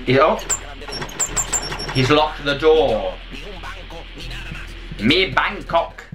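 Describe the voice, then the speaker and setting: A man's voice: fairly high pitch, expressive, very slow, over music. Jumpy man swearing through a game. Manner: jumpy, swears a lot, yelps when startled. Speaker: gaming video host. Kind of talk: let's play commentary.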